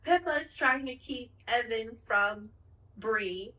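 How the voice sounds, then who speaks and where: A woman co-hosting a podcast in casual chat, retelling a TV finale with lively acted-out lines and plenty of swearing. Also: fairly high pitch, takes it slowly, echoey room, distant mic, rough recording. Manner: animated retelling, acts out the characters' lines, swears freely. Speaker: podcast co-host.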